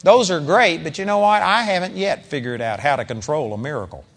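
High-voiced man preaching in a hall. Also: animated, a little fast, fairly bright tone. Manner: conversational preaching with dramatic emphasis. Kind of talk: sermon.

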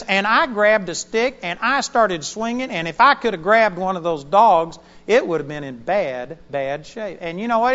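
Animated high-voiced preacher in a hall. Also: male voice, highs cut off. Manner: animated storyteller, voice jumping up and down in pitch and loudness. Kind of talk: sermon with personal storytelling.

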